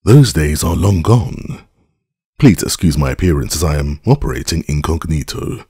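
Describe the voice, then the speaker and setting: A man voicing an elderly male pirate captain, hearty and amused, with a gruff manner. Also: very deep voice, animated, normal speed, mellow, no echo, studio quality, heavily acted. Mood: jovial. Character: old male pirate captain, jovial, insistent.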